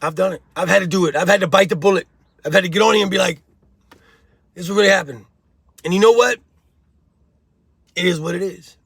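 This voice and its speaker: This prison-life commentary host talks fast in a high, creaky voice with a fairly bright tone and a breathy edge, leaving long pauses. Recorded with studio quality and no echo, his casual vlog lectures the viewer bluntly in street slang, with bro and homie thrown in, in a preachy tone.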